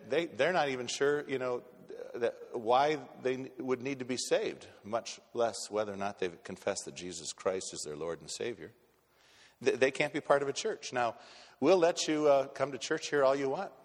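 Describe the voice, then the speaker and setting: A male pastor preaches in a plain, conversational way, blunt and direct, often stumbling into restarts before pressing on. His mid-pitched voice rings out with the long reverb of a church sanctuary. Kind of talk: sermon.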